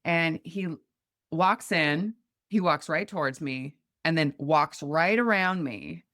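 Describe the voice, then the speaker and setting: A middle-aged Montana woman, appearing as a podcast guest, tells a story in relaxed conversation and performs the voices of the people in it with lively energy. Her voice sits low and she speaks slowly. The recording is dry and studio-clean.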